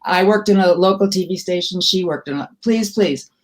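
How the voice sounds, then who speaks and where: A woman's voice: fairly low pitch, brisk. An older woman from Milwaukee, a comedy writer telling wry, self-deprecating stories in an interview. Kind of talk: storytelling interview.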